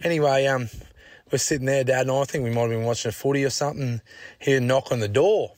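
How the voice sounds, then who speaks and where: An Australian man calling in a laid-back, quick-paced yarn about his childhood. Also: mid-range voice, steady tone, no echo. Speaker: caller. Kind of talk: casual storytelling on a voice message.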